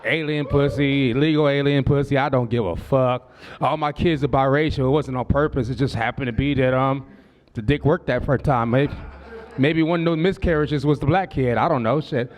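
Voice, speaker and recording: A man's voice: mid-range voice, steady tone, normal speed. A man in his forties from Southern California doing a stand-up comedy set on a club stage. He tells brash, profane stories and slips into quoted voices. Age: 40s.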